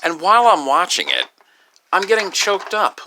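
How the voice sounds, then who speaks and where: A grieving, upset man talking in a rambling personal vlog, halting and profane, with many restarts. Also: high-pitched, wildly swooping pitch, bright, forceful tone, a little hiss or hum. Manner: halting, profane, full of restarts and "you know". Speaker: video creator.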